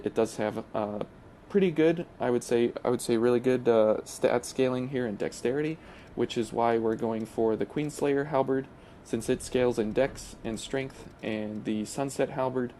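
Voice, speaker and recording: A man hosts his gaming channel, chatting through gameplay in a loose, hesitant way full of pauses and restarts. His voice is mellow and relaxed at a middling pitch. A faint hiss sits under the recording. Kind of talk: casual gameplay commentary.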